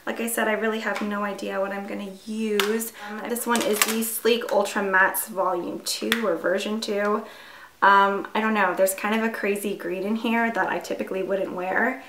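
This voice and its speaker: A woman's voice: medium pitch, fairly even intonation, normal speed, a bit bright, slight background noise. Young woman rambling thru her makeup routine, lots of ums and likes, roomy echo on the mic. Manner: chatty, filler-heavy, self-deprecating. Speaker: beauty vlogger. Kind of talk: casual makeup tutorial chat. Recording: echoey room.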